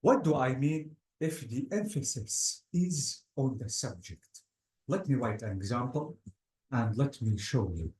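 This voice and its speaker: A man's voice: mid-range voice, expressive, a little slow, a little mellow. A man teaching an English grammar lecture to a class, often repeating words and calling students "guys". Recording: roomy classroom echo.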